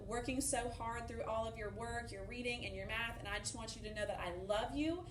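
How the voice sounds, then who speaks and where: Upbeat teacher in an echoey classroom. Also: female voice, on the high side, fairly quick, few pauses, far from the mic, slight background noise. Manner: upbeat, encouraging, explains step by step. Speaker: fourth-grade teacher. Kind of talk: recorded remote lesson for children. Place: empty classroom. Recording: echoey room, voice off-mic.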